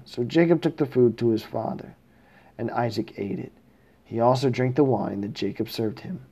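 Man reading scripture aloud, mellow, steady pace, corrects his own slips. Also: mid-range voice, normal speed, breathy edge, lo-fi sound. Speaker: scripture reader.

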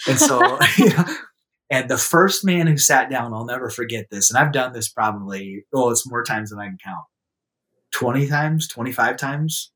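A man with an average-pitched voice tells a personal story in a casual, chatty way. He acts out what people said with a raised, livelier voice and laughs easily. In serious moments he drops to a soft, quiet voice. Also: moderate pace. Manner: lively anecdotal telling, acts out quotes in a raised voice. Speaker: guest telling a story.

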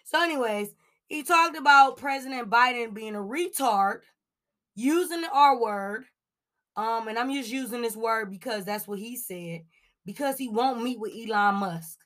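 A Cleveland, Ohio woman with a slightly high voice and a moderate pace hosts a celebrity gossip podcast. She's chatty and casual, tossing in lots of "like" and "um" along with animated asides.

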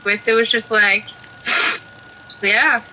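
Very bright-voiced, blunt woman gamer. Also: on the high side, fairly even intonation, slow, slight background noise, low-quality recording. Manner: blunt, swearing, laid-back. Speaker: cousin and fellow player. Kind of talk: casual gaming banter.

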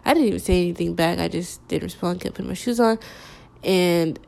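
Young woman telling a personal story, kinda gravelly fry, hesitant, says like a lot. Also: on the low side, darkish tone. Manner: halting, hesitant, full of "like" fillers.

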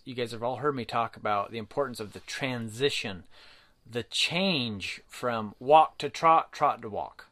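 A man's voice: mid-range voice, fairly bright tone. A man who runs mule riding clinics, talking casually to viewers in a rambling, folksy way with many fillers and restarts. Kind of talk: casual livestream talk to viewers.

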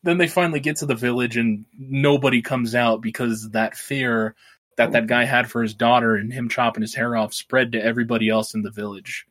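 Podcast co-host, male, loose rambling plot recap, salty language, mid-range pitch. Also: fairly even intonation, fairly quick, fairly bright tone. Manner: rambling, swears freely, laughs while retelling. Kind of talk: casual film recap.

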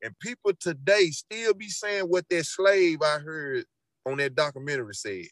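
A man's voice: on the high side, moderate pace, fairly bright tone, no room sound. A middle-aged man with a Memphis Southern accent, talking earnestly and repetitively as a guest in a casual interview. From Memphis, Tennessee. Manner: earnest, repetitive, preachy storytelling. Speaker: rapper guest.

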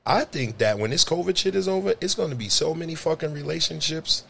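A man's voice: fairly high pitch, quick pace, vocal fry, fairly bright tone, slight background noise. A man co-hosting a casual podcast chat, blunt and profane, telling stories animatedly. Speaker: podcast co-host.

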